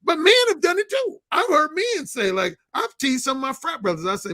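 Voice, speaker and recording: Blunt guy telling stories frankly, highish voice, dry close sound. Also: very animated, a little fast, sharp tone, no room sound. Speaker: interview guest. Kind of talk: casual interview storytelling.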